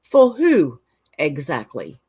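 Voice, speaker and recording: A woman's voice: low voice, wildly swooping pitch, takes it slowly, warm tone, slightly rough. An Australian woman hosting a casual livestream, reading viewer comments aloud and rambling through her reactions. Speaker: channel host.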